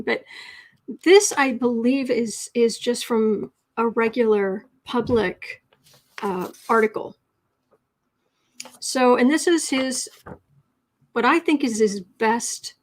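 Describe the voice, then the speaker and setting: Chatty woman hosting a writing livestream. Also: fairly high pitch. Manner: chatty, reads viewer comments aloud, self-correcting. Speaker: livestream host and writing coach. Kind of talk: casual livestream chat and writing lesson.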